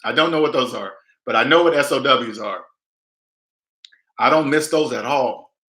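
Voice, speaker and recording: A man's voice: mid-range voice, moderate pace, sharp tone, echoey room. A man giving personal finance advice to his viewers in a casual livestream, emphatic and preachy, acting out what other people would say.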